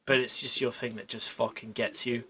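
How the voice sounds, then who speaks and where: A man, a paramedic, telling work stories in casual chat, animated and laughing, with the odd swear word. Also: medium pitch, moderate pace, crowd noise. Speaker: paramedic guest.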